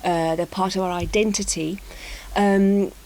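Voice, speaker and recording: A woman's voice: medium pitch, fairly even intonation, unhurried, dark tone, low-quality recording. A woman chatting casually as co-host, laughing easily. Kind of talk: casual discussion. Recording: faint hiss.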